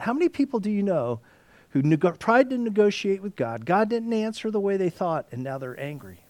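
A man preaching a sermon, dropping to whispers and rising to near shouts as he acts out the story. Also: sits high, very animated, a little fast, no room sound. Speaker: pastor.

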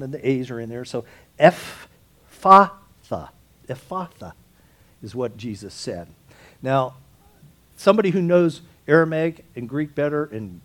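Man, Bible teacher, slightly high voice, lively pitch swings, conversational with restarts. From United States. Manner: rising to emphatic peaks.

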